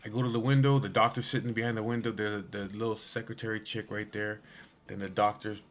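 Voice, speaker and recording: A man's voice: on the low side, flat delivery, fast. A man telling a personal story in a casual, profane way, full of swearing and filler asides.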